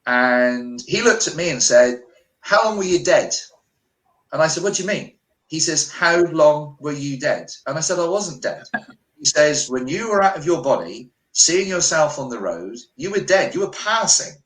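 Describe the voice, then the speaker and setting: A man's voice: on the high side, normal speed. A British man, a healer, telling a personal story on a remote call and acting out the dialogue. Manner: animated, acts out quoted dialogue. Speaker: guest healer. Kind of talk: storytelling interview. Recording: echoey room on a call.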